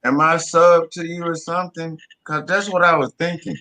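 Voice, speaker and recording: A man's voice: a little high, steady tone, moderate pace, pushed and bright, poor audio. A man from the Southern United States with a Southern accent, chatting in laid-back slang in a casual group voice chat. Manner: laid-back slang, repeats "you get me".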